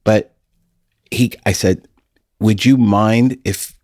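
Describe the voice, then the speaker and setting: A man's voice: on the low side, fairly even intonation, slow pace, a little mellow, no room sound, clean studio sound. A middle-aged man hosting a podcast, telling stories in a folksy, casual way and laughing often. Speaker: podcast host.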